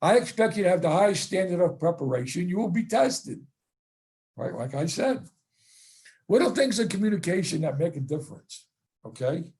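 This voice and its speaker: A man's voice: high voice, very animated, moderate pace, darkish tone. A middle-aged man giving a football coaching clinic talk, blunt and profane, ending his points with "okay?" and "right?".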